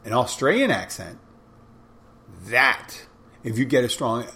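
A man's voice: medium pitch, big pitch swings, unhurried, bright, forceful tone. A man talking casually on his own, rambling with restarts and asides, blunt and sometimes swearing. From United States. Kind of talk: casual monologue.

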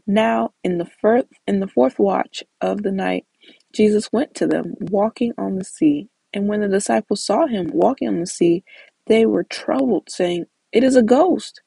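A woman's voice: mid-range voice, measured pace, creaky, warm tone, breathy edge, dry recording, low-quality recording. A woman leading a casual Bible study, reading scripture aloud and explaining it in a chatty way with many "like"s and small restarts. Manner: conversational, with frequent "like" and small restarts.

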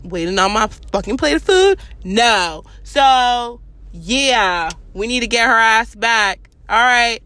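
A woman's voice: fairly high pitch, animated, slow, bright, forceful tone. A young woman who is sick, chatting casually from her car while driving, with blunt, profane, rambling talk. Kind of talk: casual chat. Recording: road noise from a moving car.

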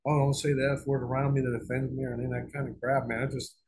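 A man's voice: mid-range voice, level tone, rapid-fire. Man, middle-aged, casual interview storytelling, profane, rambling, restarts, faint background noise. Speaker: guest author.

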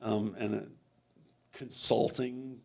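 A man, a swim coach, telling stories in an interview, halting and repeating words as he goes. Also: medium pitch, flat delivery, creaky. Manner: halting, repeats words, acts out quoted lines. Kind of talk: conversational interview storytelling.

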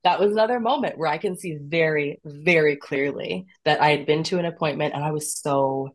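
A woman's voice: low-pitched, fairly quick. A woman in her thirties, a podcast guest, telling her own story candidly and expressively, often laughing and acting out what she said to herself. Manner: animated and expressive, with frequent laughs and acted-out quotes of herself.

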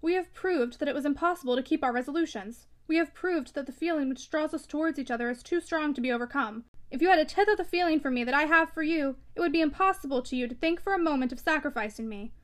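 An urgent, insistent young man pressing his case in a classic novel read aloud, given voice by a woman narrator. The voice sits high and presses hard on each plea. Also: fast talker, hardly any pauses, natural voice. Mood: impassioned. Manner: urgent, raised, insistent delivery. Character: impassioned young man, frustrated suitor.

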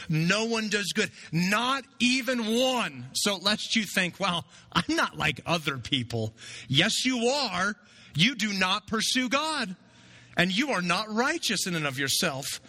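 A man's voice: sits high, pushed and bright. A man preaching an expository sermon, reading scripture aloud and driving points home with rhetorical questions and frequent "right?". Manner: reads scripture aloud, then explains. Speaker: pastor.

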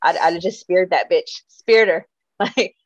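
Co-hosting a podcast, a woman with a lowish voice takes her time as she chats about celebrity gossip, laughing a lot, swearing often, and staying animated. The recording is dry and muffled.

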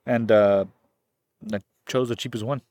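A man's voice: medium pitch, fairly even intonation, unhurried, a little mellow, no room sound. Chill guy telling a story on a podcast, medium voice, dry close sound. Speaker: podcast co-host. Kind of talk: casual chat.

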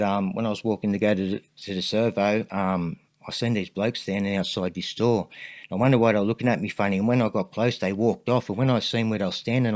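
A man's voice: on the low side, no echo. A man with an Australian accent, a podcast guest telling a long story in a rambling way, full of fillers. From Sydney, Australia. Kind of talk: casual storytelling interview.

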